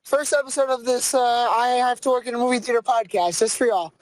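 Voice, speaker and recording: A young adult podcast host, telling a story in a profane, ranting, animated way. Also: medium pitch, brisk, no room sound, poor audio. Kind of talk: casual comedic storytelling.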